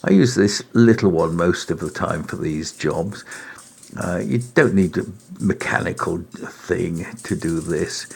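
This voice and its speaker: A middle-aged man giving a relaxed cooking demonstration in his home kitchen, unhurried and chatty, often saying uh and right. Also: low voice, vocal fry, breathy edge. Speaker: home cook presenting a recipe.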